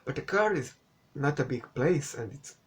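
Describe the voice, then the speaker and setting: A man's voice: mid-range voice, expressive, moderate pace, slightly rough. A man whose first language is not English, giving a casual, sarcastic spoken movie review and swearing now and then. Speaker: film reviewer.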